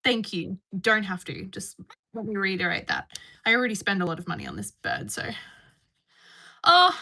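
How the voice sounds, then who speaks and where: This woman's medium-pitched voice swings widely in pitch, fairly quick, creaky, bright and forceful. She is chatting casually on a home livestream, bubbly as she reads and answers chat messages indoors.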